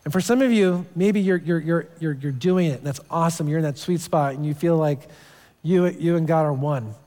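A man's voice: fairly high pitch, moderate pace, mellow. A man in his thirties, a pastor giving a sermon in a church, telling stories casually and often restarting his phrases. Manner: casual storytelling with repeated restarts. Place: church sanctuary. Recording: long church hall reverb.

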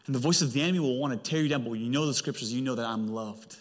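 A male pastor preaching a sermon with emphatic delivery and big swings in pitch. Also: very fast, hardly any pauses. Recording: long hall reverb.

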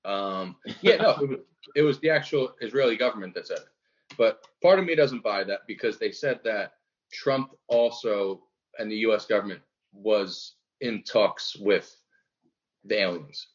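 A young man talking casually on a podcast, cursing freely and riffing into little acted-out scenes. His voice sits on the low side. The recording sounds dull and lo-fi. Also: lively intonation, moderate pace. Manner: profane, joking, acts out bits. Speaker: podcast co-host. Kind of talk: casual comedic chat.

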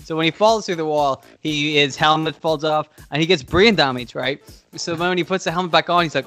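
A man's voice: fairly high pitch, fast, a bit bright, soft background music. A man co-hosting a casual podcast, rambling through an improvised story, swearing and laughing at his own jokes. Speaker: podcast co-host.

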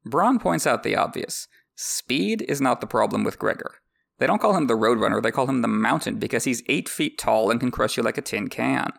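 A man's voice: mid-range voice, expressive, normal speed, vocal fry, a bit bright. A man hosting a podcast, reading a book aloud with wry, joking asides. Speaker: podcast host. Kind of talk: reading a book with comedic commentary.

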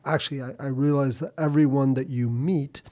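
A man in casual podcast chat, talking reflectively with halting restarts. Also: medium pitch, fairly even intonation, dark tone.

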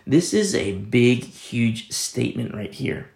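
A man's voice: mid-range voice, sing-song, takes it slowly, gravelly, roomy sound. A man pastor giving a conversational Bible teaching sermon, rambling with many restarts and sudden emphatic rises.

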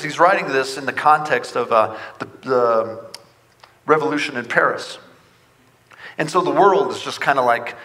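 A male pastor preaching an earnest, conversational sermon with frequent restarts. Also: on the high side. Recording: long hall reverb, loud music behind.

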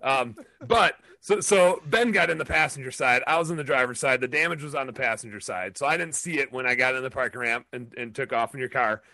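A man co-hosting a podcast, telling his side of a story in a defensive, deliberate way. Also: medium pitch, creaky, sharp tone, no echo. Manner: defensive, slow and deliberate, with restarts. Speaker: podcast co-host.

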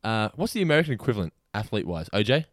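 An Australian man co-hosting a casual podcast, quick and quick to laugh. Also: fairly low pitch, big pitch swings, dry recording, studio quality. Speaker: podcast co-host. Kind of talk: casual chat.

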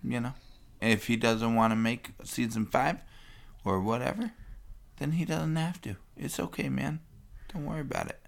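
A man's voice: medium pitch, fairly even intonation, moderate pace, gravelly. A man co-hosting a podcast, talking in a rambling, self-interrupting way and laughing often. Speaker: podcast co-host. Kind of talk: casual chat.

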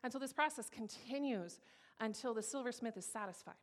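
A woman in her thirties gives a personal testimony, telling her story in a candid, humorous, lively way. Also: fairly high pitch, brisk. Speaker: speaker giving a personal testimony.

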